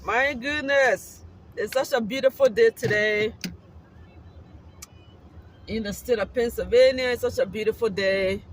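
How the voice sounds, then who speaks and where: The recording is low quality with slight background noise: a high-pitched Liberian YouTuber, accent part Liberian and part American, chats casually while driving. It's a windy, sunny summer day, and he rambles earnestly, leaning on "you know" again and again.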